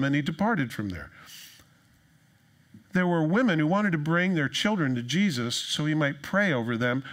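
Male pastor, fairly high, bright voice, casual sermon with jokes. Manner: conversational, joking, animated storytelling.

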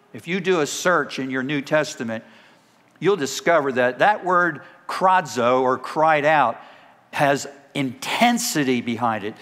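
A man preaching a sermon as the church's pastor, now and then breaking into loud dramatic cries when he acts out a scripture scene. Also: a little high. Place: church sanctuary. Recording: long reverb of a church hall.

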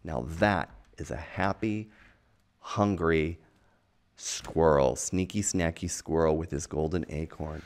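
A man's voice: rumbling low, slow. A man reading a children's picture book aloud in a playful, chatty, enthusiastic way.

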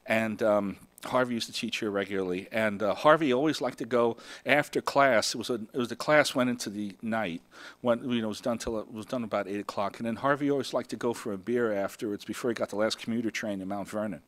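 A man's voice: lowish voice, fast talker, fairly bright tone. An older man from Brooklyn, New York, giving an emotional acceptance speech at a festival, rambling with many fillers. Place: festival stage.

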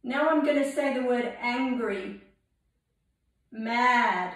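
A woman with a fairly high voice leads a guided movement lesson, talking very slowly and calmly. She gives step-by-step instructions as an English teacher. Her voice rings through a very echoey room. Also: recorded from a distance. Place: library room.

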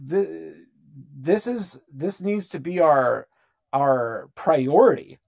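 A man with a fairly high, gravelly voice hosts a podcast. His talk is relaxed and laid-back, with plenty of easy fillers. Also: slow pace. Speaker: podcast host. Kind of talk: casual conversation.

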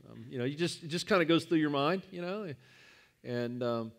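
A man's voice: fairly high pitch, lively intonation, moderate pace. A male pastor giving a sermon in a conversational, storytelling manner, weaving a personal anecdote into his teaching.

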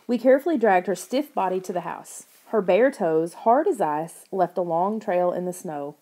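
Mellow-voiced woman reading an audiobook. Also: fairly low pitch, normal speed. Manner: expressive reading, raises her voice for characters' lines. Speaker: audiobook narrator. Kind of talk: scripted audiobook narration.

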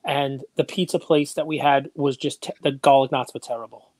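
A woman's voice: very deep voice, fairly even intonation, fairly quick, darkish tone, no room sound. A man voicing his older mother, a chatty woman with a Brooklyn accent who rambles off topic. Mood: rambling. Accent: New York (Brooklyn).

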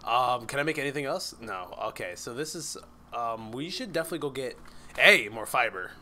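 Young guy doing a let's play, bright voice that bounces all over, rambles and swears, bit of hiss behind. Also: mid-range voice, lively intonation, fairly quick. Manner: rambling, swears, yelps when startled. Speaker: gaming YouTuber. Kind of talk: casual let's-play commentary.

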